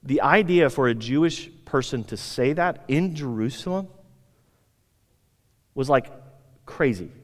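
A man's voice: mid-range voice, lively intonation, a little slow, pauses often, big-room sound. An American man preaching a sermon, casual and emphatic, sometimes acting out the people in his story. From United States. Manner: conversational, emphatic, acts out quoted speakers. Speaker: pastor.

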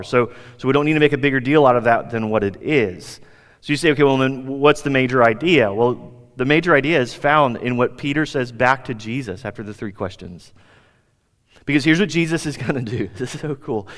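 A pastor preaching a sermon, animated, climbing higher for emphasis and dropping soft for quiet asides. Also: male voice. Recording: long reverb of a hall.

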